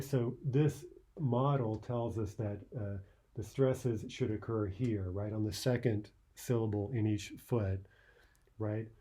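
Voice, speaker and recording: A man's voice: lowish voice, mellow, slightly rough. A man teaching a poetry lesson, thinking aloud with many "uh"s and "right?"s as he explains a poem line by line.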